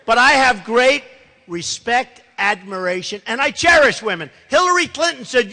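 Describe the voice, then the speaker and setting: A man's voice: very high voice, lively intonation, normal speed, pushed and bright. Emphatic male speaker in a reverberant hall. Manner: emphatic and rambling, repeats himself. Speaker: political candidate. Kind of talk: campaign speech to a live audience. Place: large hall. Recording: long reverb of a large hall.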